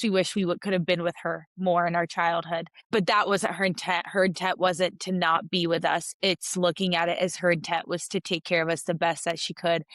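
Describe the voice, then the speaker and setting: A woman's voice: fairly low pitch, fairly bright tone, dry recording. A woman from Russia co-hosting a podcast, talking in a reflective, heartfelt way in long flowing sentences. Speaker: podcast co-host. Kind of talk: casual podcast chat.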